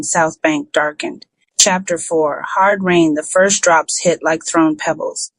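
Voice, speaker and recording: A narrator reading a first-person story in an even, unhurried way, in the style of an audiobook. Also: medium pitch, no room sound, rough recording.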